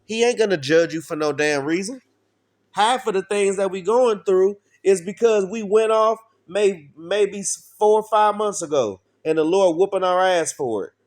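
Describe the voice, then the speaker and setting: A man's voice: high voice, a little mellow. Blunt, profane man preaching. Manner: blunt, profane, preachy with call-and-response questions. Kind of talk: informal street sermon.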